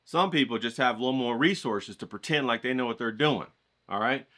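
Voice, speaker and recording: A man's voice: mid-range voice, fairly quick, bright, forceful tone. A man giving a folksy, profane motivational rant to his stream audience. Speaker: art streamer.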